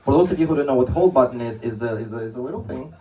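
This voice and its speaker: A man's voice: mid-range voice, expressive, racing, warm tone, recorded from a distance, rough recording. A young man doing a stand-up comedy set on a club stage, telling rambling stories with many restarts.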